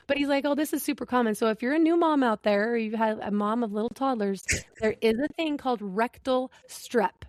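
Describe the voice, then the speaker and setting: A woman's voice: fairly high pitch, a little fast, hardly any pauses, darkish tone, no room sound. Laughing woman telling a candid story. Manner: candid storyteller, laughs a lot, acts out dialogue. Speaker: podcast host. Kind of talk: casual chat.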